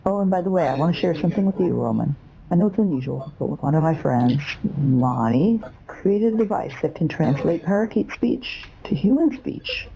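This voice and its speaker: A woman's voice: fairly low pitch, animated, normal speed, creaky, muffled recording. A synthetic woman's voice playing an eccentric elderly caller who rambles and breaks into parrot squawks and chirps. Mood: chatty. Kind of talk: AI voice bot call.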